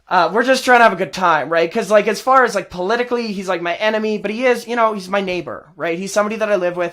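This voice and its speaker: A man's voice: sits high, a bit bright. A man hosting a show, giving heated, sarcastic political commentary with mocking asides. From Canada. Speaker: host.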